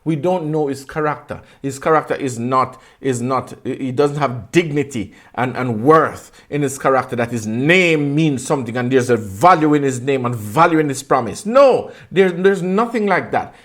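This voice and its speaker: A man's voice: medium pitch, lively intonation, normal speed, hardly any pauses, fairly bright tone. A man preaching a sermon with passion, asking his listeners pointed rhetorical questions and repeating phrases for emphasis.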